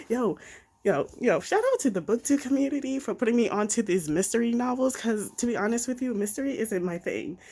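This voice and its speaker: A woman casually reviewing a mystery novel on her channel, excited and expressive, with slang and swearing. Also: fairly high pitch, slightly rough. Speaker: BookTube reviewer. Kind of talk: casual book review vlog.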